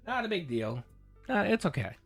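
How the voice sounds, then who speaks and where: A man giving casual, animated commentary while reacting to a recorded debate, laughing and swearing. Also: high voice, moderate pace, soft background music. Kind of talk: casual commentary over a clip.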